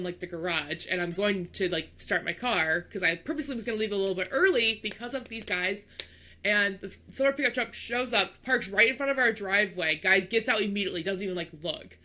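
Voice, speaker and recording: A young woman co-hosting a podcast, telling a story in casual chat, animated and acting out the people in it. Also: medium pitch. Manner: animated storyteller, acts out voices, laughs. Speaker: podcast co-host.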